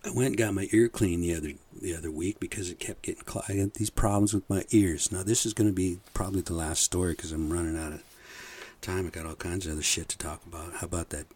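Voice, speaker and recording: A man's voice: deep voice, fairly even intonation, quick pace, a little mellow, breathy edge. A man hosting a podcast, telling a rambling, profane story in a casual monologue with frequent chuckles. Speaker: podcast host.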